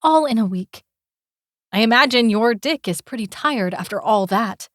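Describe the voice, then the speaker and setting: A woman voicing a defiant, sharp-tongued young woman in an audiobook, delivering biting, sarcastic retorts. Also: a little high, animated, moderate pace, dry recording, clean studio sound, pitched above the performer's own voice, close to an everyday voice. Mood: defiant, mocking. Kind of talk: audiobook character voice.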